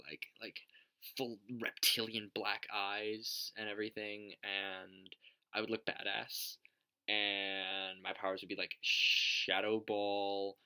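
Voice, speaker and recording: Young male vlogger, low voice, bright and punchy edge, rambling profane joker. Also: gravelly, clean tone. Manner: rambling, joking and swearing a lot. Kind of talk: casual question-tag vlog.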